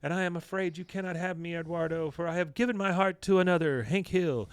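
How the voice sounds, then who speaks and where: A man's voice: high-pitched, fast talker, clear, resonant tone, pitched above the performer's own voice, lightly acted. A man voicing a melodramatic soap-opera heroine in a raised, swooning voice.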